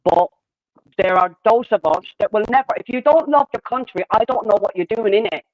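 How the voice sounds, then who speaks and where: A man with a fairly high voice, ranting angrily in a casual chat. He swears a lot and pushes each point hard. The sound is dry and close. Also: lively intonation, a little fast, no room sound, highs cut off. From Ireland. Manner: heated, angry, swears often.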